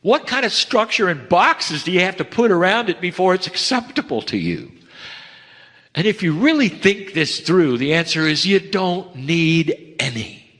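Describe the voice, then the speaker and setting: A man delivering a channeled spiritual message in slow, heartfelt, broken phrases, rising to emphatic lines and dropping to hushed ones. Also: very animated. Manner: swings between raised emphatic lines and hushed low ones. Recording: long reverb of a large hall.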